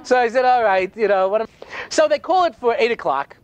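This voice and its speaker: A rabbi giving a humorous storytelling talk, full of dry sarcasm and frequent "you know" asides. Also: male voice, very high-pitched, lively intonation, a little fast.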